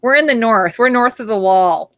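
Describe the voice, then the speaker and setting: A woman's voice: fairly high pitch, animated, normal speed, dry recording. A woman from Canada hosting a casual live chat over a video call, talking in a rambling, chatty way with frequent restarts. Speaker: host.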